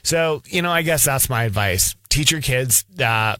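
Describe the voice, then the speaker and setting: A man in a casual advice vlog talks straight to the camera in a blunt, self-deprecating way, often doubling back on his words. His voice sits in a middle pitch and is recorded close and dry, with no room sound. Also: animated, unhurried, sharp tone, dry recording. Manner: repeats words when starting a thought. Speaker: vlogger, parent.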